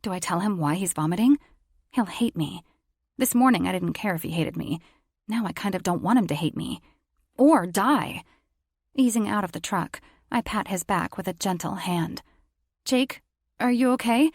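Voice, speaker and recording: A woman's voice: on the low side, moderate pace, breathy edge, dry recording, studio quality. A woman reading a first-person romance audiobook in a wry, confiding voice. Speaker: audiobook narrator.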